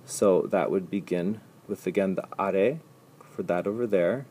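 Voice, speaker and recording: Patient, husky-voiced man teaching slowly. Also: low-pitched, dark tone. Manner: patient, explains step by step, repeats example sentences slowly. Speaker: language teacher. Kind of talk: recorded slide lecture.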